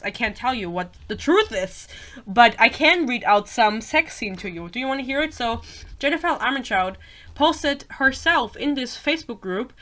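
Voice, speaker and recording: A young woman hosting a book podcast, ranting casually with swearing and laughter, a little sick and slightly hoarse. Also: on the high side, pushed and bright. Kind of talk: casual rant. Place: Germany.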